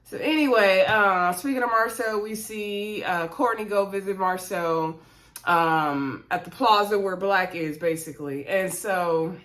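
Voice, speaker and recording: A woman's voice: medium pitch, unhurried, a bit bright. A woman giving a casual, opinionated recap of a reality show, chatty, with slangy asides to her viewers.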